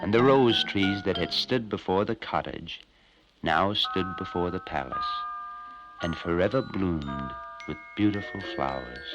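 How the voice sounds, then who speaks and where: A man narrating fairy tales in an animated, expressive storytelling manner. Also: deep voice, unhurried, highs cut off, music in the background. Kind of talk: scripted fairy-tale narration.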